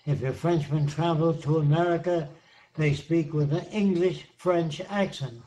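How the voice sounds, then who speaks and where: An older man answering questions in an online seminar, explaining his ideas slowly and emphatically, with plenty of examples. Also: on the high side, mellow, rough recording. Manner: slow, emphatic, repeats points with examples.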